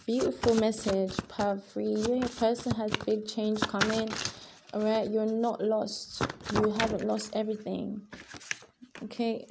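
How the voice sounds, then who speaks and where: A woman's voice: medium pitch, gravelly, dark tone, a little hiss or hum. A woman giving a tarot reading to her viewers, talking in an earnest, emotional way and repeating her points with emphasis. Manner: emphatic and repetitive, often addressing viewers as guys. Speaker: tarot reader.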